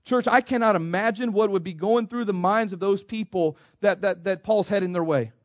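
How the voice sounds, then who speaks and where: A man's voice: sits high, moderate pace, dry recording, lo-fi sound. A man from the United States preaching a sermon, repeating himself and calling the congregation "church". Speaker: pastor.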